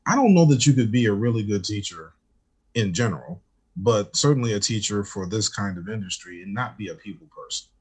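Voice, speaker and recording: Animated male storyteller in conversation. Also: on the low side, brisk, breathy edge. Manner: animated storyteller, acts out quoted dialogue. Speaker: teacher, guest.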